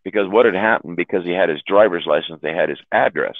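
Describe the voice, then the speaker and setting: A man's voice: sits low, fast, no echo. A man telling a long profane story in casual chat, rambling and laughing at his own jokes. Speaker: chat room host telling stories. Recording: dry, phone-like audio.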